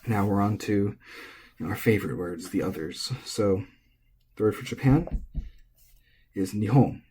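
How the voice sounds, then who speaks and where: A man giving a relaxed, casual language lesson, thinking aloud and correcting himself as he goes. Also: fairly low pitch, measured pace, slightly rough. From United States. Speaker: language teacher.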